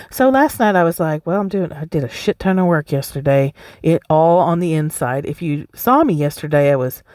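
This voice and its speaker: A woman's voice: low voice, a little mellow, dry recording, studio quality. A woman hosting a solo podcast, talking bluntly and emphatically, swearing freely and laughing often. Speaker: podcast host. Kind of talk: casual solo podcast talk.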